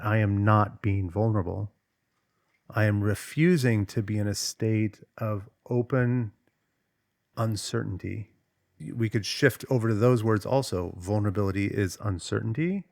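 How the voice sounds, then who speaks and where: A low-voiced man with a gravelly fry in his tone. He talks casually and emphatically as a coach, slipping into little acted-out voices. The sound is dry and close. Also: dry recording. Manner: animated, emphatic, acts out quoted voices. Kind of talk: casual talk to camera.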